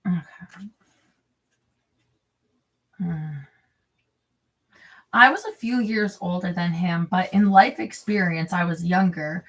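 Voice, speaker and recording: A woman with a mid-range voice reads a memoir aloud but keeps drifting off-script into crude, rambling chatter between passages. She sits a little away from the microphone, so she sounds slightly distant.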